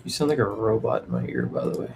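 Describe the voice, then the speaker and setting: A man's voice: lowish voice, huge pitch swings, quick pace, vocal fry, noisy background. A man co-hosting a live trading stream, asking questions and reading out news headlines. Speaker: trading co-host.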